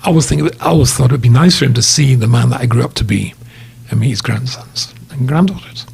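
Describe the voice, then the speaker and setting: An older man, a guest, telling a personal story in a heartfelt, halting way. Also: mid-range voice, vocal fry, a little mellow. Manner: heartfelt, halting, tearful at times.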